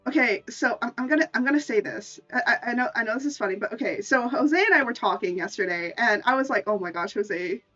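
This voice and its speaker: Woman streamer, higher voice, rambling stammer, off-mic, dull lo-fi audio with faint music under it. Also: lively intonation, fast, few pauses, sharp tone, distant mic. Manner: rambling, stammering restarts, laughs often. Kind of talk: casual stream chat.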